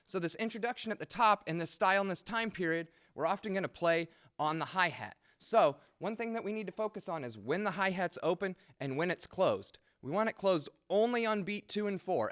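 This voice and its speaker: A man's voice: sits high, animated, a little fast, few pauses, fairly bright tone. A man, a music professor, giving a patient instructional drum set lesson in a practice room. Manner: clear, patient explaining with sung drum patterns.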